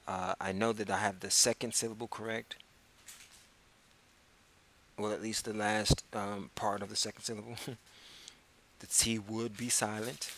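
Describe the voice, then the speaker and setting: A man teaching a casual beginner French lesson, spelling words out letter by letter and repeating phrases slowly. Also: lowish voice, a bit bright. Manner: slow, spells words out letter by letter, drawn-out repetitions. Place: public access TV studio.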